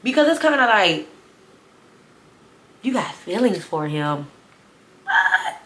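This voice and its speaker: A woman in her twenties telling a storytime vlog to her viewers, sassy and animated. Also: mid-range voice, takes it slowly. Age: 20s. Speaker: vlogger. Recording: roomy echo.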